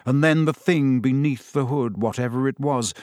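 A man's voice: medium pitch, moderate pace, a little mellow, dry recording, clean studio sound. A man narrating a story aloud with suspenseful, varied pacing. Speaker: audiobook narrator.

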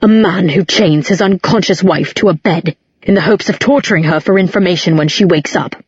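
A woman voicing a grieving, bitter grown man in an audiobook, with a low, cutting delivery. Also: a little fast, breathy edge, no echo. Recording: dull, muffled recording.

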